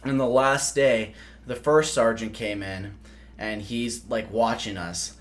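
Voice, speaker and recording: A man's voice: mid-range voice, fairly even intonation, slow pace. Rambling, profane young man telling stories. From South Dakota, USA. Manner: rambling, profane, laughs mid-story. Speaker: podcast host. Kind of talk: casual chat, storytelling.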